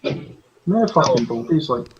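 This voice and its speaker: A man's voice: medium pitch, expressive, a little slow, natural voice. A man voicing a short, ginger, foul-mouthed female dwarf innkeeper with a Scottish accent, swearing and threatening. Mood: exasperated. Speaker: player. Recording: dull lo-fi sound with faint noise.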